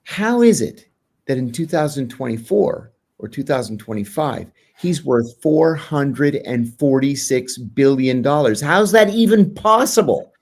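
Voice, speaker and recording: A middle-aged man, a podcast guest, telling a long anecdote with restarts and lively acted-out quotes. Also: medium pitch, measured pace. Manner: animated storyteller, restarts and fillers, acts out quotes. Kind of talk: anecdotal storytelling in a podcast interview.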